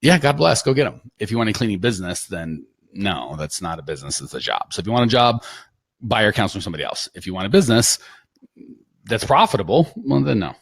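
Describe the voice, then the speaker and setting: A man's voice: on the low side, very animated, fast talker, vocal fry, no room sound. An American man, a business coach guest on a webinar, talking casually with teasing jokes and then earnest advice over a video call. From United States.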